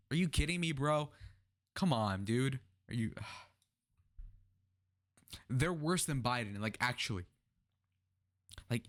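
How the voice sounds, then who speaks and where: A man's voice: medium pitch, fairly bright tone. A young man reacting to a political interview, talking heatedly and sarcastically with profane outbursts. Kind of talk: reaction commentary.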